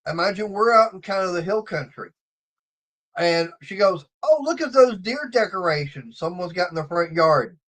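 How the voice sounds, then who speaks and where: Livestream host, male, high-pitched, rambling anecdotal storyteller. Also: animated, moderate pace, fairly bright tone. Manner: rambling storyteller, acts out quotes. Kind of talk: casual chat.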